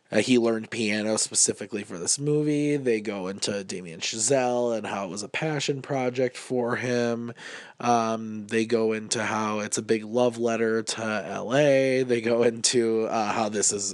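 A man's voice: fairly low pitch, fairly even intonation, moderate pace, no room sound. A man with a stuffy head cold giving a casual, upbeat movie review, with lots of ums.

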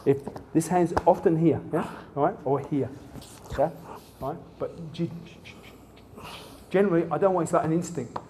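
A man's voice: fairly high pitch, normal speed, noisy background. A man instructing a martial arts seminar, demonstrating moves in punchy bursts and checking in with "yeah?" after each point.

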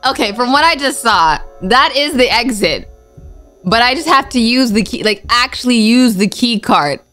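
A young woman giving casual, excitable commentary as she plays a game, full of exclamations and slang. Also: a little high, normal speed, faint music behind. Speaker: gaming YouTuber. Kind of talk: casual let's-play commentary.

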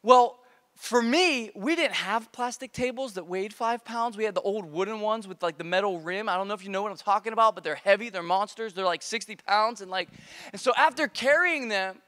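A man preaching a casual youth sermon as pastor, energetic and joking, recorded live in a church. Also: sits high, a little fast. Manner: energetic, playful, joking with repeated slang. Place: church auditorium, live service. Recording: long reverb of a church hall.

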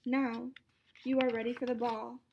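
Woman doing a sweet fairy godmother from a storybook, higher voice, calm and a bit bossy in a kind way. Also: normal speed, muffled recording, slight background noise, lightly acted. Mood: cheerful. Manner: calm, instructive, gently commanding.

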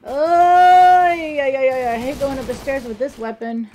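A woman streamer chatting casually through a game, excitable and talkative with bursts of exclamations. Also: high voice, fairly quick, a little hiss or hum. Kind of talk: casual gameplay commentary. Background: clear music and game gunfire.

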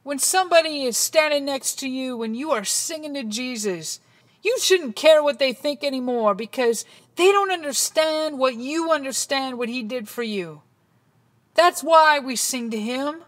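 A woman preaching a dramatic sermon that swings between hushed passages and loud ones. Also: high-pitched, lively intonation, measured pace.

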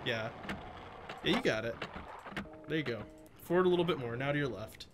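Lively, animated man with a swinging pitch who jokes, gets excitable and tells the player where to go during a casual game playthrough. Clear background noise hangs behind him in the recording. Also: fairly quick. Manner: joking, excitable, directs the player. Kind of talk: casual gameplay banter.

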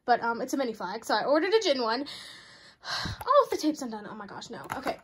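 High-voiced young woman squealing over her unboxing, bubbly vlog chat, bit of hiss. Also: fast talker. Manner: bubbly and excitable, repeats exclamations, frequent laughter. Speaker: vlogger.

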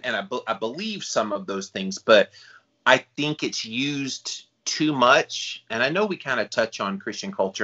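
A man's voice: a little high, bright, forceful tone. A man co-hosting a podcast, speaking bluntly and emphatically in candid conversation. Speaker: podcast co-host. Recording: dull lo-fi audio.

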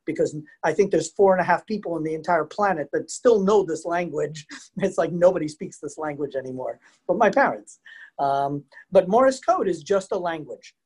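A man's voice: fairly high pitch, normal speed, husky. Chatty man giving a virtual lecture. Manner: chatty, animated, asks the audience questions. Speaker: museum educator and presenter. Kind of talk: live virtual lecture with storytelling. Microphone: computer mic on a video call.

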